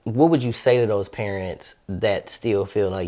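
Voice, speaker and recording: A man's voice: lowish voice, measured pace, warm tone. A man hosting a podcast interview, asking questions and affirming his guest often. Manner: supportive, frequent affirming backchannels. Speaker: podcast host. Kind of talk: conversational interview.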